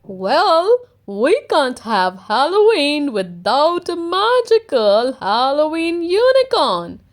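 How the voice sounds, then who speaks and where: A woman's voice: high-pitched, big pitch swings, slow, full character voice. A woman voicing a playful, jolly old grandfather pig in a storybook read-aloud.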